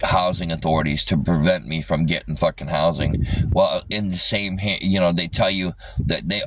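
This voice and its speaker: A man's voice: sits low, moderate pace, a bit bright, recorded from a distance, a little hiss or hum, low-quality recording. Angry man ranting on a livestream. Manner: agitated, swears constantly.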